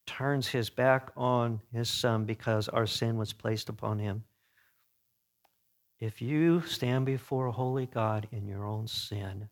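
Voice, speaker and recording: A man preaching an earnest sermon. He swings between emphatic peaks and hushed, solemn passages, and often corrects himself mid-phrase. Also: medium pitch. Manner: frequent self-corrections and restarts.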